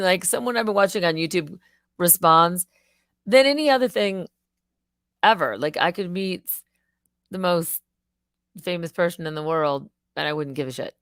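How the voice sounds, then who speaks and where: Excitable woman live streamer, rambling chat. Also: fairly low pitch, moderate pace, pauses often, no room sound. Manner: excitable, rambling, swearing, laughs often.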